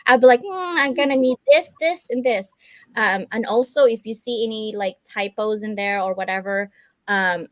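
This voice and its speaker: A woman's voice: medium pitch, no echo. A woman hosting a casual livestream chat for her authors, chatty and businesslike, laughing often. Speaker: publisher and host.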